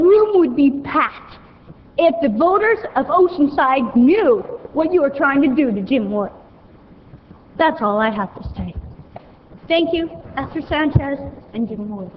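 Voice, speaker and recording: A woman's voice: high voice, lively intonation, unhurried, a little hiss or hum. A woman speaking at a city council meeting, indignant and emphatic, into a podium microphone. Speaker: public commenter, mother. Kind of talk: public comment at a council meeting. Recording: echoey hall, dull broadcast sound.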